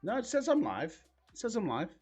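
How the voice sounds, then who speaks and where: A man's voice: high-pitched, wildly swooping pitch, a little fast, a little mellow, breathy edge, faint music behind. A man hosting a live reaction stream, talking casually in a blunt, profane and incredulous way.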